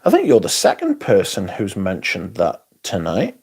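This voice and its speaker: Sleepy man with a gravelly, husky voice. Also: low voice, huge pitch swings, moderate pace. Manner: reads viewer comments aloud and answers them. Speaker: livestream host. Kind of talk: casual livestream chat reading comments.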